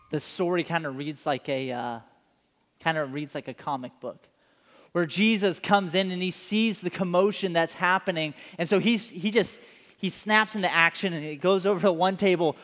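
A man preaching a sermon, telling stories in an animated way and acting out the scenes. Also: high-pitched, in a large hall. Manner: animated storytelling, acts out scenes. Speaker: pastor.

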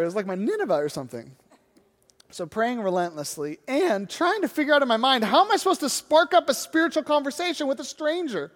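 Forties male pastor, lively self-mocking preacher, long hall reverb. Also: very high-pitched, fast. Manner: animated, self-deprecating storytelling. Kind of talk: sermon storytelling.

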